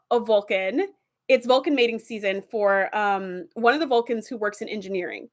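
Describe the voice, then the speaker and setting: Chatty woman retelling TV plots. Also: on the high side. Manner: animated plot retelling with many fillers. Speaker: video host. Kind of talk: casual episode review.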